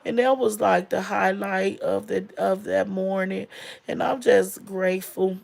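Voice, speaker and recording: A woman's voice: mid-range voice, steady tone, measured pace, creaky, darkish tone. A woman in her forties telling a personal story in a casual, emotional way, with many fillers, close to tears. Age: 40s.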